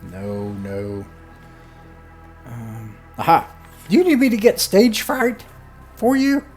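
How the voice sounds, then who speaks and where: A man puts on a small, fussy goblin in spectacles, squeaking high and shrill, stammering and flustered as he fusses over the rules. The tabletop-game voice comes with faint music underneath. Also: steady tone, slow, a little mellow.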